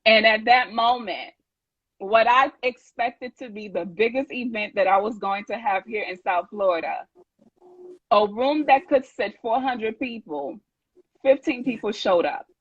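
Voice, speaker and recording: A woman's voice: a little high, measured pace, husky, no echo, muffled recording. A woman speaking as a guest in a live video interview, giving a reflective, heartfelt personal account. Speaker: guest, women's event organizer.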